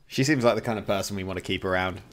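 A man's voice: low-pitched, rapid-fire, a bit bright. A male streamer chatting casually while gaming and laughing often.

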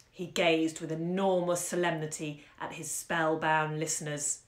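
A woman hosting a bookshop series reads a short story aloud at home into a phone, animated and acting out the action. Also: deep voice, a little slow. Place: room at home. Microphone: phone on a live stream. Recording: roomy echo.

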